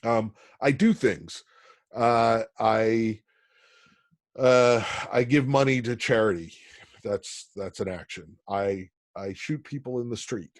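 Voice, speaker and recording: A man from Pennsylvania teaching an online college class, talking in a halting way with many ums and restarts. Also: medium pitch, no room sound, clean studio sound. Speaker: college instructor.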